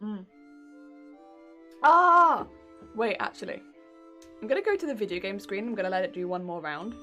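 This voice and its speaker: A woman's voice: medium pitch, lively intonation, fast talker, soft background music. A young British woman streaming from home, chatting casually with her viewers in a giggly, talkative way. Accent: British English. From England. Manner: giggly and chatty, reacting to chat. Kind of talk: casual live-stream chat.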